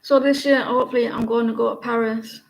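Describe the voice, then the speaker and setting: British woman livestream host, slightly high, gravelly voice, rambling and casual. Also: steady tone, fast, poor audio. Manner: chatty, rambling, many fillers and restarts. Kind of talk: casual livestream chat with viewers.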